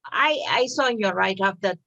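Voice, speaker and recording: A woman hosting a TV interview, asking questions slowly and hesitantly, with many fillers. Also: medium pitch, lively intonation, pushed and bright, no echo, lo-fi sound. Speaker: TV show host.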